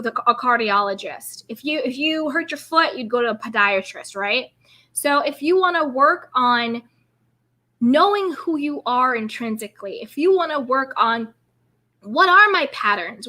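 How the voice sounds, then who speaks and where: A woman's voice: high-pitched, pushed and bright. A woman hosting a live stream as a self-care coach, talking in an encouraging, upbeat and affirming way. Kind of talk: casual live-stream talk.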